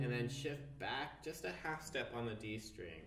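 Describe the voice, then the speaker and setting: A man guides a cello student through a piece and counts the beats aloud in a patient, steady way. He sits some distance from the microphone in a roomy space, and a cello plays clearly behind him. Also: medium pitch, normal speed, over loud music. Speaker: music teacher. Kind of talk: instrument tutorial.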